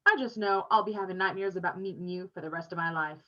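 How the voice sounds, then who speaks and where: A woman's voice: on the low side, fast, sharp tone. A woman reading aloud, voicing a friendly, talkative older man who teases a boy. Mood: teasing. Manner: teasing, chatty. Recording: dull lo-fi recording.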